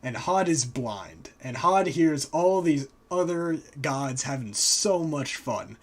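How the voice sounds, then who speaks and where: A man hosting a live stream, casually retelling myths and slipping into quick character voices. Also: fairly high pitch, animated. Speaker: host. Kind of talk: casual storytelling.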